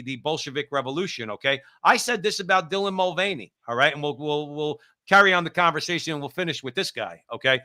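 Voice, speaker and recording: A man in his fifties from New Jersey, hosting a political talk show and telling stories in an animated way, with many repeats and asides. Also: sits high. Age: 50s. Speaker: host.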